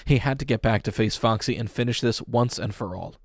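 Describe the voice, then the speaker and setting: A man reads a spooky story aloud in an even, middle-pitched voice, leaning into the tension. The recording is dry and close. He lifts his voice for the frightened moments. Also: brisk, gravelly, dry recording. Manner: expressive reading, raising voice for tense dialogue. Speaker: audiobook narrator. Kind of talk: dramatic audiobook narration.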